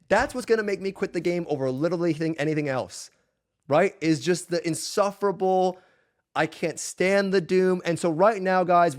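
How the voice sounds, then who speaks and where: Fired-up high-voiced male game streamer. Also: darkish tone. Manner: heated, profane and emphatic. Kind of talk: casual live-stream rant.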